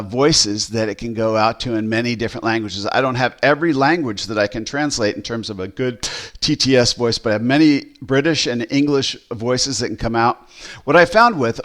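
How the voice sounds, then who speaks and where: A man who pastors, casually walking through a software demo, rambling with fillers and restarts. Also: medium pitch.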